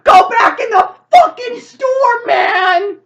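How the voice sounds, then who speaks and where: A woman voicing a panicky young male criminal, shouting and swearing frantically. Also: very high-pitched, expressive, slow pace, very noisy, pitched above the performer's own voice, heavily acted. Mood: panicked.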